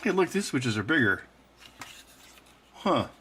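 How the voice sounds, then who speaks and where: A man's voice: medium pitch, big pitch swings, takes it slowly, bright, forceful tone, a little hiss or hum. A man hosting, muttering to himself as he repairs old electronics and teasing his cat between tasks. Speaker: host.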